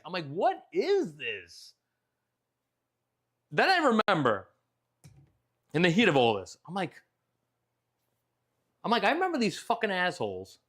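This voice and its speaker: A lively man with a somewhat high voice tells a story as a casual show host. His pitch swings widely as he recounts his frustration. He swears freely and sounds exasperated. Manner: animated, frequent swearing, exasperated retelling.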